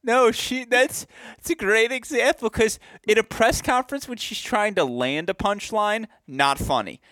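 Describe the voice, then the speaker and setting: A man's voice: high voice, unhurried, fairly bright tone, no echo, studio quality. A man co-hosting a casual podcast, laughing often and telling playful stories. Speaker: podcast co-host, tennis producer.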